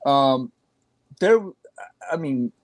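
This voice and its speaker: A man speaking as a guest in a casual interview, blunt, swearing freely, with halting restarts. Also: medium pitch, lively intonation, no room sound. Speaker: guest actor.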